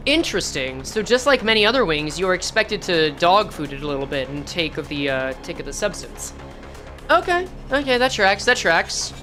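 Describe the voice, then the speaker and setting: A woman's voice: fairly low pitch, sing-song, moderate pace, pushed and bright. Woman streamer, story reading with chatty asides, faint music behind. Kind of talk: reading a game story aloud with reactions.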